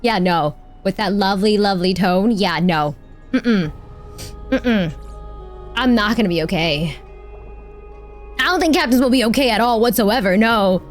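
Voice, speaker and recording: A woman's voice: medium pitch, unhurried, pauses often, soft background music. A woman streaming a game, reacting casually and emotionally, gushing and swearing freely as she talks to her chat.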